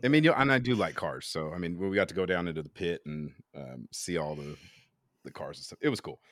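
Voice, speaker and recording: A man with a lowish voice co-hosting a podcast, recorded dry and close. He rambles along casually, with lots of fillers and restarts. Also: lively intonation, fast, a bit bright, dry recording. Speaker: podcast co-host. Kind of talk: casual chat.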